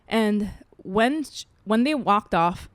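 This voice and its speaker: Woman podcast co-host, casual storytelling, pitch swinging wide, dry close sound. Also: takes it slowly, no room sound. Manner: animated, acts out quoted people with big pitch jumps. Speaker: mother.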